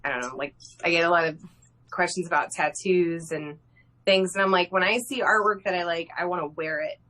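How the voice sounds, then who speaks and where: A woman artist talking as a guest on a live video interview, excitable, swearing freely and laughing often. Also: lowish voice, brisk. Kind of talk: casual interview over a live video stream. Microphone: video call.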